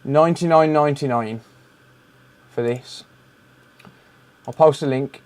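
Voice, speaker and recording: Hosting a repair livestream, this British man chats casually and responds to viewers' messages while he works. His voice is somewhat high with a darkish tone, and he takes his time.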